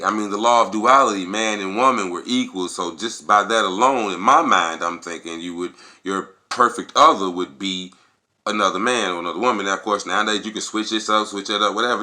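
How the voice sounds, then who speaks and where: A man's voice: fairly low pitch, pushed and bright. A man talking casually on camera, giving a rambling, profane opinion monologue and acting out quotes with animation. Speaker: video blogger.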